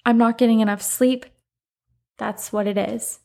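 A woman's voice: a little high, steady tone, a little slow, vocal fry, warm tone. Chatty Southern woman podcaster. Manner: chatty, rambling, many "like" fillers and asides. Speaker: podcast host. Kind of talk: casual solo podcast chat.

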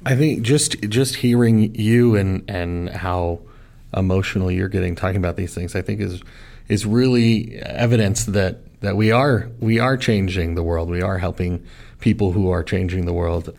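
A man's voice: sits low, steady tone, normal speed, gravelly. A man interviewing podcast hosts in a casual, good-humored way, laughing often. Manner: laughing, warm.

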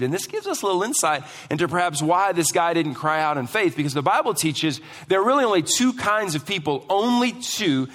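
A man's voice: high voice, sing-song, a little fast, fairly bright tone. A man preaching a sermon as pastor, emphatic and asking the congregation questions, in a church hall. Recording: long hall reverb.

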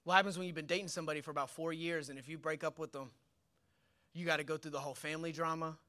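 A young man preaching a sermon as pastor, energetic and colloquial, with slang and rhetorical questions. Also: on the high side, racing.

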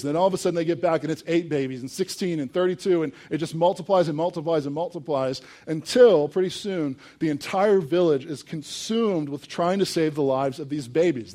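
Casual, story-driven young male preacher. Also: on the high side. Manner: casual storytelling with fillers, animated when telling a story. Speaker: pastor. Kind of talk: sermon.

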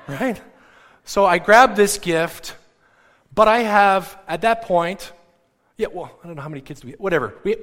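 A middle-aged male pastor telling a story in a sermon, animated and acting out the people he quotes. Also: a little high. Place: church. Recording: long hall reverb.

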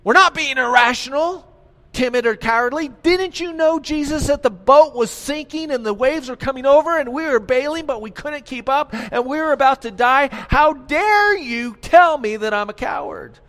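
A man's voice: very high-pitched, normal speed, a bit bright, voice pushed up. A man voicing an indignant, defensive male fisherman disciple who protests in a raised voice. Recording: long hall reverb.

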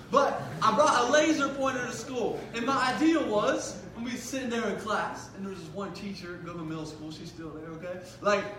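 A young man giving a sermon as a youth pastor, telling a funny school story in an animated way with lots of "like". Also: sits high. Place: large hall. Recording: echoey hall, mic at a distance.

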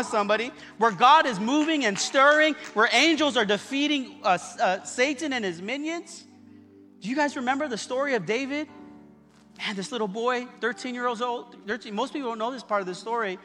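High, bright-voiced preaching pastor. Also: male voice. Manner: preaching with call-and-response and jokes. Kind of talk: sermon. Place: church.

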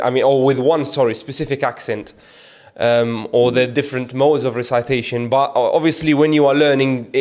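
A man hosting a podcast interview with a caller, often breaking into blessings and restarting his sentences. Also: mid-range voice. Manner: warm, repeats religious blessings, hesitant restarts. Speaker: podcast host.

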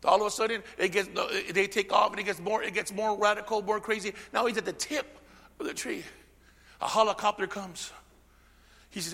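A man preaching a sermon as pastor, calling out amen and drawing the congregation in, swinging from shouting to a near whisper. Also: high-pitched, steady tone, a little fast, vocal fry, long reverb tail. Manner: peppers speech with amen and call-and-response. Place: church sanctuary.

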